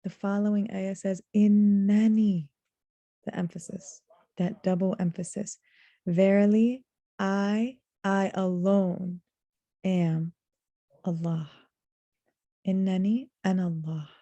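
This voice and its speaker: A woman teaching a reflective lesson on scripture, earnest and deliberate, drawing out the words she wants to stress. Her voice is mellow and soft-edged. The sound is close and dry. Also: mid-range voice, flat delivery, dry recording, muffled recording. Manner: earnest, slows to stress key words, recites Arabic verses. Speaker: Quran teacher.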